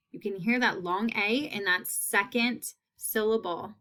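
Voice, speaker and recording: A woman teacher giving a phonics lesson, repeating each word slowly and clearly. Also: medium pitch, fairly bright tone.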